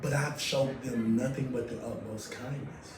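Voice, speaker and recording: A man's voice: mid-range voice, fairly even intonation, normal speed. A man speaking as a guest on a casual faith podcast, heartfelt and reflective. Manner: heartfelt, reflective, exclaims softly. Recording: roomy sound, mic at a distance, audible noise.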